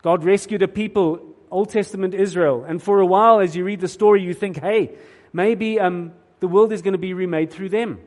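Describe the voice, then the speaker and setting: A man's voice: high-pitched, fairly even intonation, normal speed, few pauses, darkish tone. A man preaching a sermon in an earnest, emphatic way, often repeating words as he starts a thought. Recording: long hall reverb.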